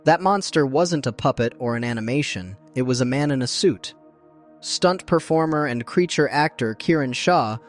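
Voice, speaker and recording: Male voice-over narrator, middle pitch, steady scripted delivery, faint music bed. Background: faint background music.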